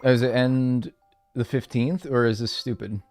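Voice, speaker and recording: Male streamer, mid-pitched, loose rambling banter with self-mocking jokes, faint game music underneath. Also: fairly even intonation, measured pace, darkish tone. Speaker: live streamer. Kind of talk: casual live-stream chat.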